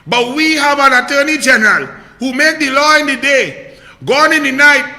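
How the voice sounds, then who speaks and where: A Trinidadian man delivering an indignant political rant, sarcastic and heated, often climbing into shouts. His voice sits high and sounds sharp and tense. It echoes through a room with a long reverb tail. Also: normal speed. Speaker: political commentator.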